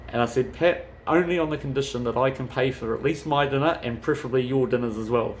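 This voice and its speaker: A man's voice: mid-range voice, fast, few pauses, a little hiss or hum. A man chatting casually as a travel vlogger, rambling and swearing freely. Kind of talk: casual chat.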